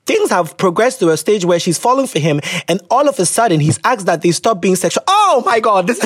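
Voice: medium pitch, husky, no room sound, studio quality. A young adult podcast host, chatting animatedly about a listener's letter, laughing and swearing, slipping into local phrases. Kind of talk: casual chat reading listener letters.

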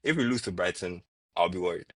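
A man with a husky voice, chatting casually about football as a podcast co-host and repeating words as he argues. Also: low-pitched, quick pace, no room sound. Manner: animated, repeats words when arguing.

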